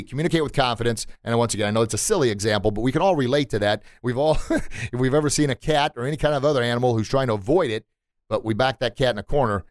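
A man who runs a martial arts school talks on his podcast in a mid-range voice. He is animated and motivational, often slips into little acted voices and laughs at his own jokes. The sound is dry and close, with no room echo. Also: medium pitch. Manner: animated, acts out quotes and sounds, laughs at himself.

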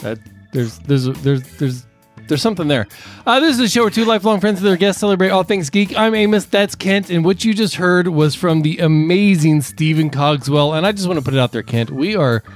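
A man's voice: high voice, fairly quick, faint music behind. A man hosting a casual podcast with a friend, joking around, swearing freely and rambling. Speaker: podcast host.

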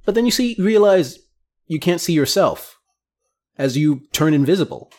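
Man, game master, tabletop narration, brisk, slightly high voice. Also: a little mellow. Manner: descriptive, brisk, with small stumbles.

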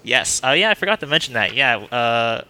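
A man's voice: mid-range voice, sing-song, normal speed, pushed and bright. A man talking casually on a sports podcast, loose and upbeat, laughing easily.

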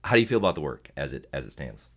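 Very deep-voiced male interviewer. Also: sing-song, creaky, fairly bright tone, slightly rough. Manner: halting, filler-heavy questions. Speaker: podcast host interviewer. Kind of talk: casual interview questions.

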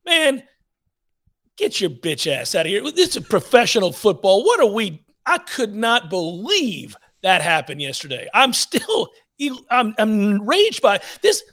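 A man's voice: sits high, wildly swooping pitch, measured pace, fairly bright tone. A man co-hosting a sports talk podcast, ranting bluntly and with profanity about the officiating.

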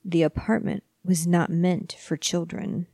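A woman's voice: on the low side, fairly even intonation, measured pace, creaky, warm tone, no echo, studio quality. A woman voicing a thin, stern aunt who speaks formally and cryptically, with clipped sentences and no contractions.

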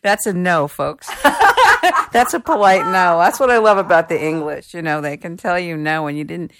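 An American woman hosting an interview, coaxing her guest with lively questions. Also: lowish voice, moderate pace. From United States. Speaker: podcast host.

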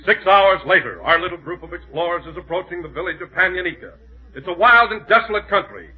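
A man's voice: high-pitched, animated, quick pace, husky, narrow, tinny audio. A man narrating as announcer in a 1930s radio comedy, grand and mock-serious. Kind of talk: scripted narration.

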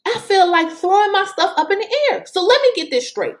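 Woman, fiery commentary, exasperated, repeats words, high voice, swooping pitch. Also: sing-song, brisk. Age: adult with school-age children. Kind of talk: opinionated political commentary.

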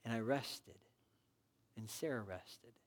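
A man's voice: mid-range voice, slow. A man preaching a sermon, retelling a story and urging his listeners on in an earnest, exhortative way. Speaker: pastor.

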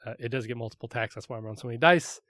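A man's voice: mid-range voice, very fast, bright, forceful tone, no echo. A man narrating a tabletop game as game master. He describes the action vividly, with a few fillers along the way. The recording is dry and close.

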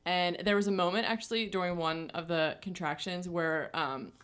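A young woman telling a story in a relaxed chat, full of fillers and frequent laughs. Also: lowish voice, normal speed, smooth. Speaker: podcast co-host.

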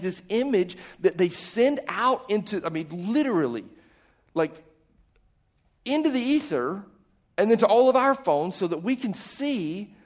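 A man's voice: high-pitched, a little mellow. A man preaching a conversational sermon to a live congregation, casual and self-deprecating, often asking his listeners questions. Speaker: pastor.

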